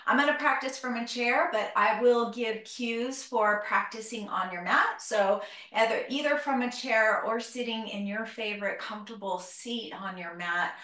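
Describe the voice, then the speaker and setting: Gentle woman guiding a yoga class. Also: medium pitch. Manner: calm, gentle instruction. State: a little out of breath. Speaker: yoga teacher. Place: group class in a room. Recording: roomy, from a distance.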